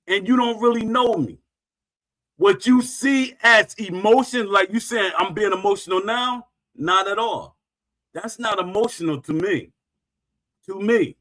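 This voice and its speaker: A man's voice: high voice, fairly bright tone. A middle-aged man hosting a stream, ranting to his viewers in an emphatic, repetitive way and hammering his points home. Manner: emphatic, repetitive, punctuates claims with "Facts". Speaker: streamer host.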